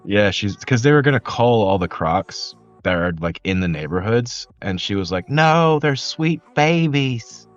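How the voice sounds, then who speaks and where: A man in his thirties co-hosting a podcast, chatting casually in an excitable way, swearing freely. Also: sits low, moderate pace, few pauses, highs cut off, soft background music. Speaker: podcast co-host. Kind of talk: casual chat.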